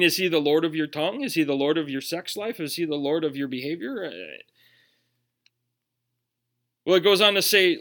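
A man's voice: fairly high pitch, a bit bright. A man with a Minnesotan accent, preaching a sermon earnestly, with emphatic rhetorical questions. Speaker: pastor.

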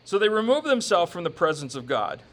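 Male pastor, casual joking sermon delivery, high animated voice. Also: brisk. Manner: conversational, joking preaching with quoted asides.

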